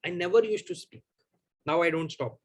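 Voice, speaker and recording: A man, hosting a live Q&A and telling a personal story to his audience in an animated, emphatic, repetitive way. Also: on the high side, moderate pace. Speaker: host of a live Q&A.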